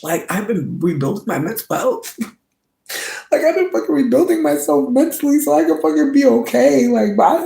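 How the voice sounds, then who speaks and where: Candid vlog rant, heavy cursing, gravelly tone, echoey room. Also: darkish tone. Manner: angry, heavy swearing, pitch swings from low mutter to high strained outbursts. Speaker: vlogger.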